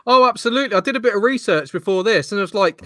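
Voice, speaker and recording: A man's voice: sits high, expressive, rapid-fire, fairly bright tone, dry recording, studio quality. A man interviewing a guest in casual chat, chipping in and agreeing. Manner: chatty, agreeing.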